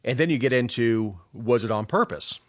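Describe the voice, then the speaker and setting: A man's voice: medium pitch, moderate pace. Wry man, rambling banter. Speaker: podcast co-host. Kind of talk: casual political chat.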